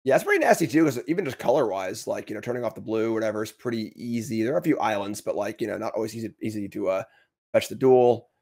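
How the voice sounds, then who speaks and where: A man's voice: fairly low pitch, animated, fast, a little mellow. Chatty man commentating a card game. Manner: chatty, laughs easily, many fillers and restarts.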